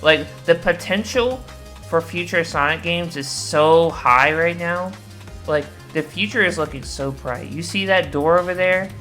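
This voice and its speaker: Low-voiced woman, bright excited rambling. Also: a little slow, soft background music. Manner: enthusiastic, rambling, swears freely. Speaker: video creator. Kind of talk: casual excited commentary.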